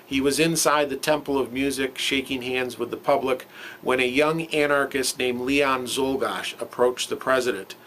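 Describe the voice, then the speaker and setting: A man's voice: medium pitch, steady tone, normal speed, fairly bright tone, slight background noise, poor audio. A man giving a plain, slightly hesitant factual narration.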